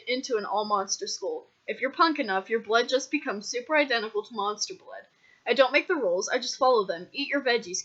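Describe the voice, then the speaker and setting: A woman's voice: fairly high pitch, pushed and bright. A woman reading a comic fanfiction story aloud with mock-dramatic narration. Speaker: fanfiction reader. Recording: dull lo-fi recording.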